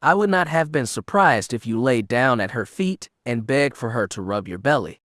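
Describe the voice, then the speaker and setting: A man voicing a determined young woman Sith inquisitor who speaks in sharp, cutting retorts. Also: mid-range voice, expressive, moderate pace, dry recording, studio quality, natural voice. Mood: scornful.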